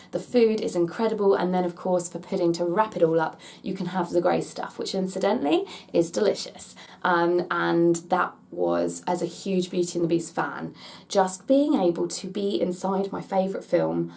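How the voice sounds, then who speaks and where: Gushing English woman with a gravelly edge. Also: lowish voice, a little mellow. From England. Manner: chatty and gushing, thinks aloud. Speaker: theme park vlogger. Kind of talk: casual Q&A vlog.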